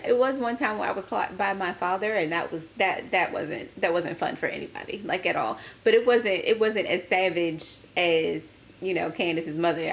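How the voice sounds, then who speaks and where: A woman's voice: medium pitch, a little hiss or hum. A woman co-hosting a podcast, chatting casually in a sassy, playful way. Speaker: podcast co-host. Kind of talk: casual chat.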